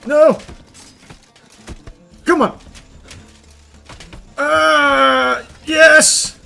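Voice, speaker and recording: A man doing let's play commentary, shouting and swearing at the game and then dropping to low, dry asides. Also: expressive, slow pace, long pauses, faint music behind. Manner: drops to low, dry asides between outbursts. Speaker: gaming streamer.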